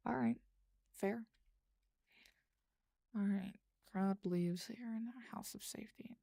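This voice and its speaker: Speaking slowly in a warm, creaky, medium-pitched voice with frequent pauses, a woman streamer casually chats with viewers late at night as she writes. She rambles, thinks aloud while typing, and responds to chat, recorded in studio quality without room sound.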